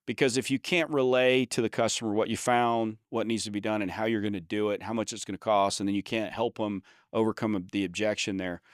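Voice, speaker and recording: A man's voice: lowish voice, steady tone, a little fast, few pauses, clear, resonant tone, no echo, studio quality. A man co-hosting a podcast about the trades, explaining his points emphatically with examples and frequent restarts in casual chat. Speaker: podcast co-host.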